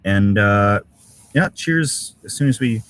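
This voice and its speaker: A man's voice: on the low side, animated, takes it slowly, a bit bright. A middle-aged man hosting a casual live stream from a winter campsite, reading out viewer comments and thanking people with lots of uhs and ums. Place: outdoor winter camp in severe cold.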